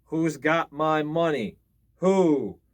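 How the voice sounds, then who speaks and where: A wailing, blind ghost of a dead woman in a spooky storybook tale, as a man reads her out. Her moaning cries climb higher and louder, and her voice thins out strangely on each drawn-out call. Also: lively intonation. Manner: moaning, rising cries of who.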